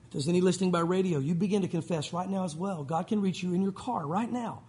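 A man preaches to a congregation at a church service with urgent, impassioned emphasis. His voice is high and his delivery rapid, driving hard through each point. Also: darkish tone. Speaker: pastor. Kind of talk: sermon.

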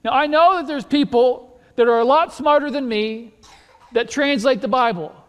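A male pastor preaching a sermon in a church, conversational and animated, full of rhetorical questions and repeated words. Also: very high voice, moderate pace, clear, resonant tone. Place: church sanctuary. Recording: long reverb of a large hall.

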